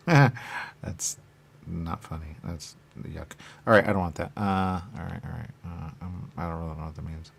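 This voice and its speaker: A man's voice: low-pitched, measured pace, gravelly, husky. A man in a rambling, repetitive monologue, muttering questions and then answering them himself. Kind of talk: rambling stream-of-consciousness monologue.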